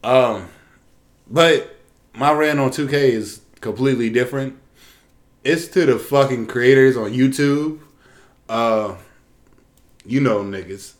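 A man's voice: mid-range voice, slow pace, long pauses. A man in casual chat, ranting in a profane, slangy way about things that annoy him.

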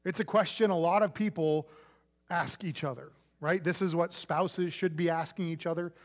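A man's voice: on the high side, normal speed, in a large hall. A male pastor preaching a sermon in a conversational, playful way, acting out quoted voices.

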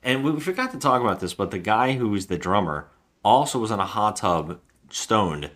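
A man's voice: on the low side, animated, moderate pace, fairly bright tone. A man co-hosting a podcast, retelling a film's plot in casual, rambling chat. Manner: rambling retelling with acted quotes. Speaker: podcast co-host. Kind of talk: casual movie recap chat.

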